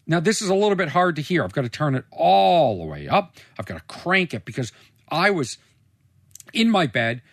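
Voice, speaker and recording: A man in casual commentary, reacting to a reality show clip, animated and incredulous, sometimes putting on mocking impressions. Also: fairly high pitch, moderate pace, no echo, clean studio sound.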